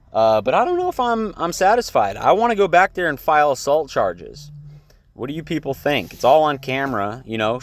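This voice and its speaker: A young man telling a story in a casual vlog, rambling and heated, with lots of fillers and swearing. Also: medium pitch. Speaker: vlogger. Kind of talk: casual venting vlog to camera.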